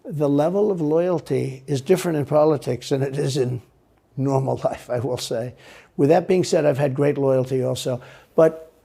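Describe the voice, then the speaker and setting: A man's voice: medium pitch, moderate pace, creaky, dark tone, breathy edge. A man answering interview questions in a rambling, repetitive and emphatic way. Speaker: interview guest.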